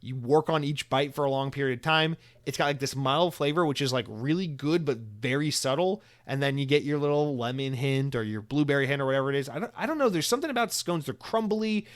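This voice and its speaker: A man's voice: medium pitch, brisk, hardly any pauses. A young American man hosting a solo podcast, talking casually in a rambling, profane way, full of restarts and fillers. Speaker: podcast host.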